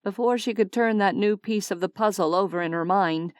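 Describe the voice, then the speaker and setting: A woman reading a novel aloud as an audiobook narrator, steady and expressive. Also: medium pitch, brisk, no room sound, clean studio sound. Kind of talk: scripted narration.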